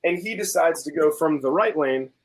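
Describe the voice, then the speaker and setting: Fields: Man, young adult. Style: animated storytelling. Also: a little high, moderate pace, rough recording. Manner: animated storyteller, acts out quotes. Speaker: host of a food review channel. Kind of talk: casual chat, storytelling.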